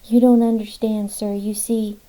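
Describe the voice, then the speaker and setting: A woman's voice: mid-range voice, little pitch movement, normal speed, mellow, voice pushed up, natural voice, poor audio. A woman voicing a polite, guarded young woman with a Southern accent who talks in a hesitant way, in an audiobook.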